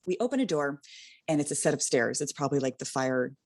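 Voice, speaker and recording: A woman's voice: low voice, fast talker, dry recording, studio quality. Woman telling a wild party story. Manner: animated, laughing, lots of fillers. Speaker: guest storyteller. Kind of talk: casual comedic storytelling.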